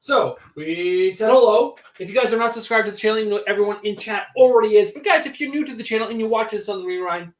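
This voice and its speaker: A man's voice: high voice, fast, few pauses, reverberant. A man co-hosting a livestream, chatting casually and laughing along, giving channel announcements. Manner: easygoing, laughs often, chatty asides. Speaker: livestream co-host.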